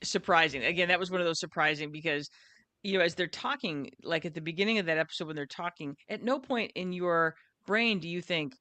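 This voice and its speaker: Bright, crisp voice, dry sound, co-host chatting excitedly on a video call. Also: medium pitch, brisk, no echo. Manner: enthusiastic, repeats words, laughs at own retelling. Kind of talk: casual chat.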